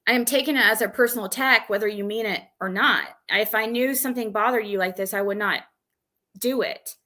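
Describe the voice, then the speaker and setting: Bright-voiced woman venting on stream. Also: mid-range voice, brisk. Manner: agitated, recounting an argument with restarts. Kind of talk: venting live stream monologue.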